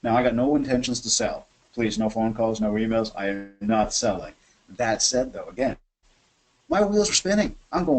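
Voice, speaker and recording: A man hosting a webinar from his office, coaching sales in an energetic, chatty way and acting out phone calls. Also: medium pitch, moderate pace, poor audio. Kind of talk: animated software demo and sales coaching.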